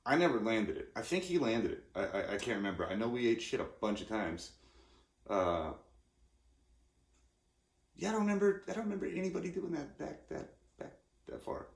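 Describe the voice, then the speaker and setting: A man's voice: mid-range voice, sing-song, normal speed, vocal fry, pauses often. A man in his forties from California, talking casually in a rambling, self-interrupting way with lots of restarts. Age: 40s. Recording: roomy echoey room.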